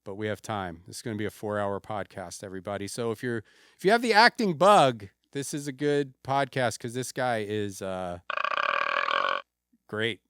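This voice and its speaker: Deadpan man hosting a comedy podcast. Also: fairly low pitch, moderate pace, smooth, no room sound, clean studio sound. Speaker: podcast host. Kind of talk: casual comedic podcast chat.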